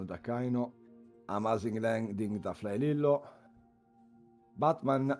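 A man's voice: mid-range voice, dark tone. A man with an Italian accent, whose first language is Italian, commenting live on flight-sim landings as a stream co-host and cheering in loose, broken English. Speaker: livestream co-host. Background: music.

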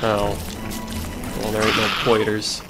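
A man giving profane, excitable commentary while playing a video game, swinging between shouted outbursts and low muttering. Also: slow pace, loud music behind the voice, rough recording. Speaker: let's play gamer. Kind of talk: gaming commentary.

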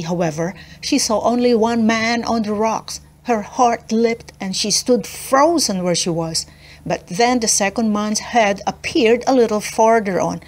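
A woman reading a children's chapter book aloud, clear and expressive. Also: mid-range voice. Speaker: storybook reader.

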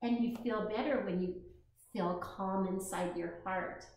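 A woman reading a picture book aloud to preschoolers, gentle and slow, often asking the children questions, heard in an echoey room. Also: medium pitch, a little hiss or hum. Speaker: children's storyteller.

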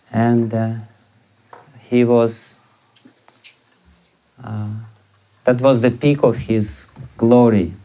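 A man's voice: mid-range voice, warm tone. A male spiritual teacher giving a scripture lecture, telling a story with many hesitant fillers.

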